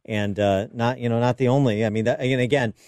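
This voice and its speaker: A man hosting a political talk radio show, interviewing guests in a measured way with drawn-out fillers. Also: medium pitch, fairly even intonation, darkish tone, no echo.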